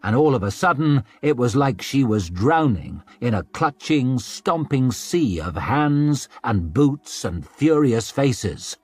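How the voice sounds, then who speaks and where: A man narrating an audiobook with expressive reading, slipping into scornful character asides. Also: mid-range voice, takes it slowly, few pauses, slightly rough, dry recording. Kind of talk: scripted narration.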